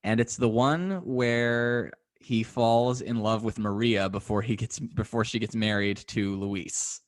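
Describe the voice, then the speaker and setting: A man's voice: lowish voice, fairly even intonation, unhurried. A man hosting a podcast interview, telling stories in an eager, chatty way. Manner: enthusiastic, chatty storyteller. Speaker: podcast host. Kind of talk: casual interview chat.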